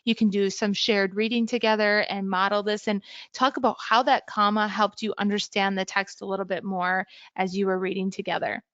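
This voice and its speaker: A woman giving an instructional talk to teachers, clearly explaining how to teach reading skills step by step. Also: medium pitch, flat delivery, normal speed, fairly bright tone, dry recording, dull audio. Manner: clear, explanatory, modeling sample lesson language. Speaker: teacher educator.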